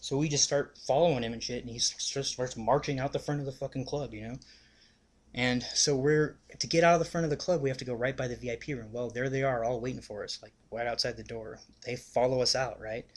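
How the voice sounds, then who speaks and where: A young man spinning a rambling story in a plain, mid-pitched voice. He swears freely and fills every gap with "like" and "you know", talking the way he would to friends. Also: fairly even intonation, fairly quick. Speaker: vlogger. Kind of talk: casual storytelling.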